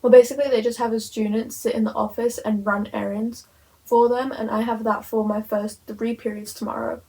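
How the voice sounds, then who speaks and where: High, gushing teen girl reading vlogger. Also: flat delivery, fairly quick, mellow, low-quality recording. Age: teens. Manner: gushing, dramatic and emotional about a book. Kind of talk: casual reading vlog chat.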